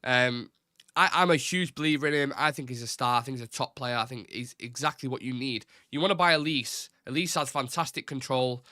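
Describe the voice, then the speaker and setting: A man's voice: mid-range voice, fairly quick, pushed and bright, no echo, clean studio sound. Opinionated man chatting on a live stream. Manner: rambling, opinionated, swears casually. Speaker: host of a football fan show. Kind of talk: casual live-stream chat.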